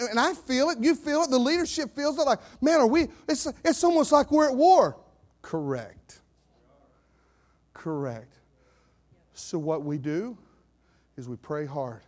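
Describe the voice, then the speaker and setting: Man, pastor, high-pitched, fiery preaching that drops to calm reading. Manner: swings from shouted declarations to low, steady scripture reading. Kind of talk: sermon.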